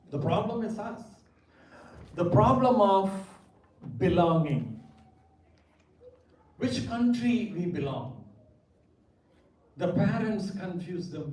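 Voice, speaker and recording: A pastor with a Tamil English accent speaks at a seminar, emphatic and repeating his words to drive a point home. His voice is mellow and fairly high for a man. He sounds distant from the mic in an echoey hall with a faint hum of ambience. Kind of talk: parenting seminar talk.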